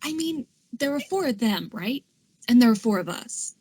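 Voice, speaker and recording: A woman's voice: fairly high pitch, big pitch swings, moderate pace, darkish tone, breathy edge, no echo. A haunted porcelain doll girl speaks in a put-on American accent, played by a woman in a tabletop game. She is eager but stumbles, repeating words as she builds up her plan.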